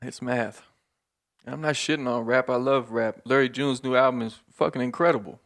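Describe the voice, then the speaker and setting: A man's voice: mid-range voice, fairly even intonation, fast talker, creaky, fairly bright tone. A man hosting a podcast, ranting in a casual, profane, rambling way and laughing between points, and sounding hungover. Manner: profane, rambling, laughing, with many filler words. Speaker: podcast host. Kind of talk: casual monologue rant.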